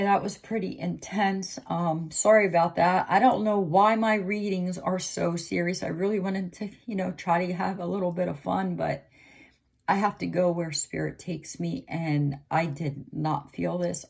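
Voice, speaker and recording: A woman's voice: lowish voice, steady tone, normal speed, creaky, a little mellow, breathy edge. A middle-aged woman giving an emotional intuitive reading to camera, pleading and repeating herself. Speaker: psychic reader.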